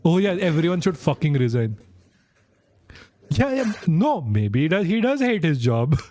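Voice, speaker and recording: Young male streamer, slightly high voice, giggly and profane, dry close-miked sound. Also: sing-song, unhurried, mellow, no echo. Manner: giggly, swearing, laughing through words. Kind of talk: casual reaction stream chat.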